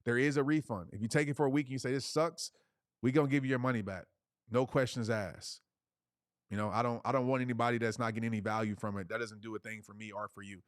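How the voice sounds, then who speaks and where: A man's voice: mid-range voice, fairly even intonation, fast talker, no echo. Punchy, dry-miked male motivational speaker. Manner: preachy, punchy repetition, slangy. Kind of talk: live webinar talk.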